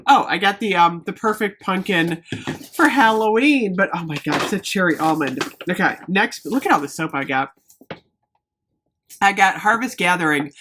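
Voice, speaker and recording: Casting: excitable woman vlogger, lively sing-song pitch, casual haul chat. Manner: bubbly, excitable, gushing.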